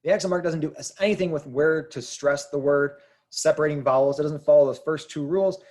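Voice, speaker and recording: A man teaching Spanish spelling in English, patiently explaining rules and repeating example words slowly. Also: fairly high pitch, darkish tone. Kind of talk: explaining grammar to learners.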